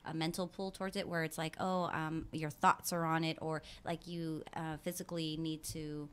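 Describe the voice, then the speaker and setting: Bright-toned woman radio co-host. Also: sits low, flat delivery, moderate pace, clean tone. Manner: thoughtful, laughs often. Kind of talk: casual radio chat. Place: radio studio. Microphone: studio microphone.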